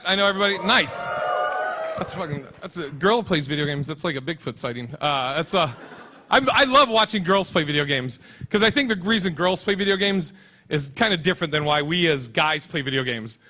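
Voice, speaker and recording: A man's voice: on the high side, pushed and bright. A man performing a stand-up comedy set on a convention stage, with a brash, crude and punchy delivery.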